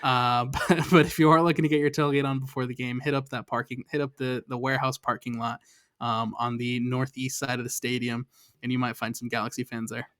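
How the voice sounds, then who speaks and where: A man joining a casual soccer podcast as a guest, relaxed and hesitant, with lots of fillers as he gives tips. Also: medium pitch, fairly quick, no echo, clean studio sound. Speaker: guest from a fan show.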